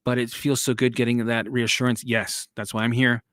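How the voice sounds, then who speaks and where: A man's voice: medium pitch, level tone, moderate pace, a bit bright, dry recording, studio quality. A man hosting a casual live stream, chatting loosely and answering viewer comments.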